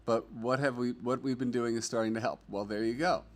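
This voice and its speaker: A man's voice: medium pitch, steady tone, a little fast, crowd noise. A middle-aged man hosting a casual livestream, chatting and reading viewer comments aloud in an upbeat, rambling way with lots of fillers. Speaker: livestream host.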